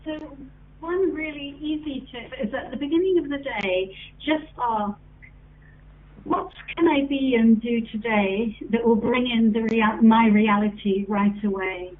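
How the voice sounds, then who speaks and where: A woman's voice: a little high, unhurried. A woman guest on a radio talk show, giving upbeat advice in casual chat. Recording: tinny phone-line sound.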